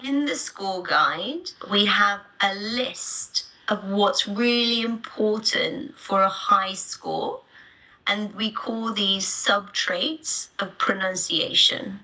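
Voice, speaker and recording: A woman leads a live online lesson, speaking slowly and deliberately. Her voice has a bright, crisp edge, and she spells out each point plainly for her students. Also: medium pitch, low-quality recording. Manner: clear, deliberate explanatory delivery. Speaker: teacher. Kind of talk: live online teaching webinar.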